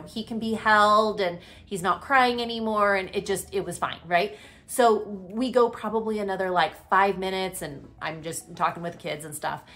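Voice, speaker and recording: Woman in her thirties, real estate agent, chatty, upbeat, storytelling to camera, medium pitch. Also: a bit bright. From Utah. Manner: chatty, upbeat, fillers like "literally" and "you know".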